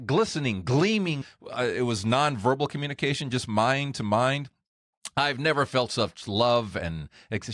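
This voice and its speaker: Middle-aged guy podcasting, low voice but super lively, acts out the quotes, dry close sound. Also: no room sound. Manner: animated, acts out quoted voices with big pitch jumps. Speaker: podcast host. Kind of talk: storytelling monologue.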